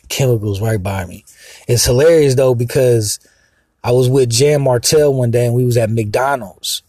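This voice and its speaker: Profane, agitated husky-voiced man. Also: mid-range voice, a little mellow, no room sound. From Mexican heritage. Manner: profane, agitated, rambling with many fillers. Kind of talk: rambling profane monologue. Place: outdoors, sitting in a car.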